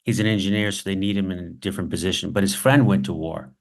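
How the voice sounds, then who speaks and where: A weary, middle-aged woman hotel clerk , as a man quotes her, speaks in a plain, matter-of-fact way. The voice stays low with a gravelly grain. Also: fairly even intonation, quick pace. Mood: somber.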